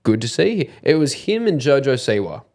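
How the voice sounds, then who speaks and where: A male comedian chatting as a podcast guest in a dry, deadpan way. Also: medium pitch, normal speed. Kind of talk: casual chat.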